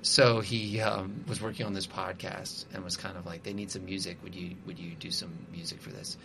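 A man's voice: low-pitched, flat delivery, a little fast, gravelly, background noise. A man, a musician guest, chatting casually and rambling with lots of "like" and restarts. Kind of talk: casual conversation.

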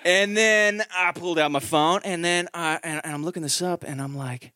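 Animated high-voiced man doing stand-up. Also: brisk, hardly any pauses, smooth, no echo. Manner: animated storytelling, acts out quotes, swears. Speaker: stand-up comedian. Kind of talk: stand-up comedy set.

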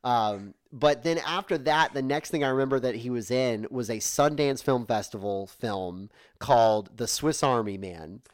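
A man's voice: mid-range voice, normal speed, few pauses, dry recording. Dry, close-mic man in casual movie chat. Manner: rambling, jokey, heavy use of "like".

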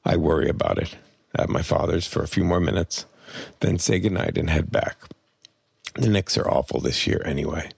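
A man reading a personal memoir aloud in plain, measured first-person storytelling. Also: deep voice, gravelly, a little mellow, slightly rough, dry recording. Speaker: memoir narrator.

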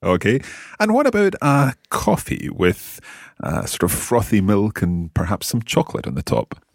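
A man's voice: on the low side, huge pitch swings, moderate pace, creaky, dry recording, clean studio sound. A man hosting a language-lesson podcast as the teacher, with an enthusiastic, teacherly delivery.

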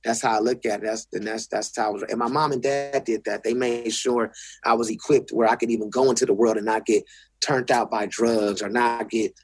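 Husky, profane Los man. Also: medium pitch, steady tone, fairly quick, dry recording, faint music behind. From South Central Los Angeles. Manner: blunt, profane, restarts often. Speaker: guest. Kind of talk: casual interview talk.

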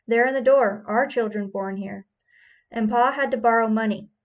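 A woman's voice: fairly high pitch, moderate pace, lightly acted. A woman reading the lines of desperate poor tenant farmer men, pleading and urgent in her own voice. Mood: defiant.

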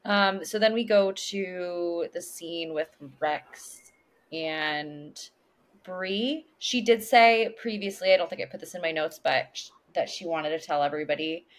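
A woman's voice: on the low side, measured pace. A woman co-hosting a podcast, chatting casually as she recaps a TV episode and briefly acts out characters' lines. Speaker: podcast co-host.

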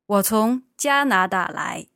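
A woman's voice: medium pitch, expressive, slow, sharp tone, no echo, studio quality. A native Mandarin-speaking woman co-hosting a language lesson, giving careful model pronunciations. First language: Mandarin Chinese.

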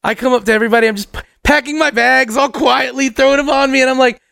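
Young male podcast storyteller: high, raspy-edged voice, animated and profane, dry close sound. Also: quick pace, no room sound. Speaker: podcast co-host telling a story. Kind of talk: casual storytelling chat.

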